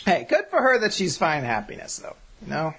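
A man's voice: a little high, wildly swooping pitch, a little fast, fairly bright tone, husky. A man co-hosting a casual chat, riffing crude jokes and laughing often. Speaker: podcast co-host.

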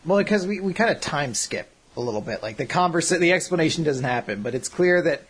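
A man's voice: fairly high pitch, lively intonation, a little fast, fairly bright tone, slightly rough. A man co-hosting a podcast, joking and chatting casually, swearing now and then. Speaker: podcast co-host. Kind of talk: casual chat.

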